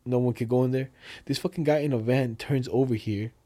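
A young man in casual chat, telling animated, slangy stories and acting out the other people in them. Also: mid-range voice, a little fast. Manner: animated storytelling, slangy, acts out others' lines.

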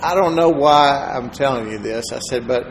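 A preacher, giving a sermon in a relaxed, conversational storytelling manner and dropping into soft-spoken asides. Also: male voice, medium pitch, normal speed, a little hiss or hum, rough recording. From Texas, USA.

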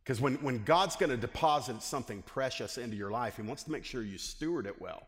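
A male pastor preaching a lively sermon and asking his congregation questions. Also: medium pitch, brisk. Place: church hall. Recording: long hall reverb.

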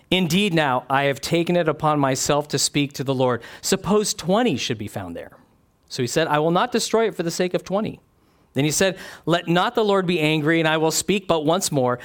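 Lively-voiced man preaching a sermon. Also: fairly high pitch. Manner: earnest, conversational, asks the listeners questions. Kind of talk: sermon reading and explaining scripture.

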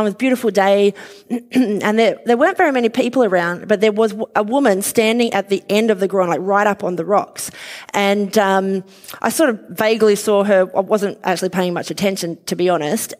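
A woman preaching a sermon, conversational, telling a personal story with fillers and light laughs. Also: mid-range voice. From outside Western Australia.

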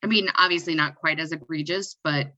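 Woman, podcast co-host, playful, lower voice, dull lo-fi sound. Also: brisk, sharp tone, no echo. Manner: playful, jokey, laughs at own quips. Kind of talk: casual sports podcast chat.

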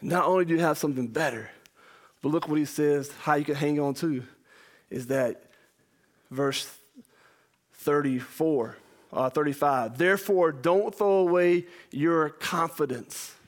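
A man, a pastor and father, preaching an impassioned verse-by-verse sermon, shouting much of it and then dropping to a low voice. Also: unhurried, pauses often. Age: young adult or middle-aged parent.

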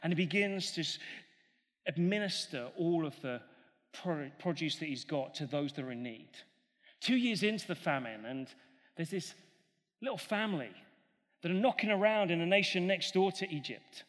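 A high-pitched man preaches a sermon, telling the story with lively energy and slipping into voices for each character. His voice rings out with the long reverb of a big hall. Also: normal speed. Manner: animated, acts out the characters' voices.

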